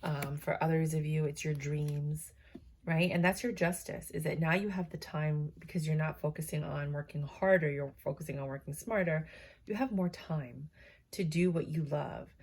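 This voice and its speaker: A woman's voice: sits low, moderate pace, a little mellow, a little hiss or hum. A woman giving a casual, chatty tarot reading to her viewers, tired and yawning, with many fillers and asides. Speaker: tarot reader.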